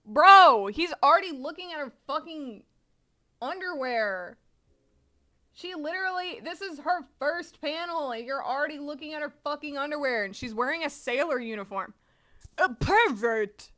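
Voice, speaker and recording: A woman's voice: sits high, lively intonation, moderate pace, pushed and bright. A woman streamer reading a manga aloud in casual live-stream chat, chatty, swearing casually and laughing often.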